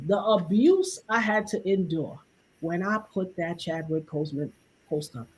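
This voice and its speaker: A woman's voice: fairly low pitch, animated, measured pace. A woman in casual talk-show chat, telling stories animatedly and acting out the quoted dialogue.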